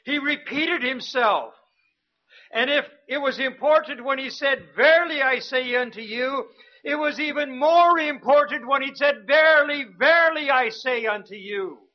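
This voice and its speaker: A man who is a missionary, preaching a sermon slowly and emphatically, rising in pitch and volume when he repeats words. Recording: dull, lo-fi sound.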